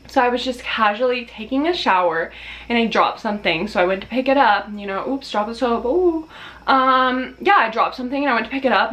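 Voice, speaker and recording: A woman's voice: fairly high pitch, fairly bright tone. A woman vlogger telling a storytime in a casual, dramatic way, swearing freely and laughing as she tells it. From Australia.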